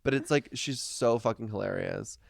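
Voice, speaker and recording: Gravelly-voiced guy gossiping on a podcast, close dry mic. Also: lowish voice, normal speed, no echo. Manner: gossipy storytelling, animated impressions of friends. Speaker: podcast co-host. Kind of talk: casual chat.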